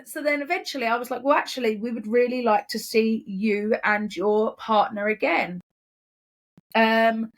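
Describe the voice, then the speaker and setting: Chatty English woman with a high voice. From England. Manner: chatty, swearing, animated impressions in quotes. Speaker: podcast co-host. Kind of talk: casual storytelling chat.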